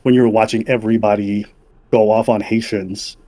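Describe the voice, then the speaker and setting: A man from Montreal hosting a casual interview, relaxed, with many fillers and easy laughter. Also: fairly low pitch, brisk. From Montreal, Canada. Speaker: podcast host.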